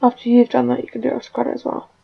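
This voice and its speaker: A woman's voice: a little high, completely flat delivery, rapid-fire, gravelly, husky, dull audio. A woman giving casual commentary while she plays a life-simulation game, scolding and coaxing her characters like a fussing parent. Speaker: gaming video creator.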